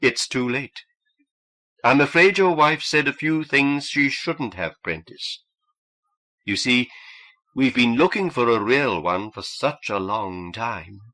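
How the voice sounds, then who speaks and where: A man reading an audiobook and voicing a treacherous male cultist who talks in a calm, mild, falsely reassuring way. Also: mid-range voice, slow, voice pushed up, low-quality recording. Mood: falsely regretful.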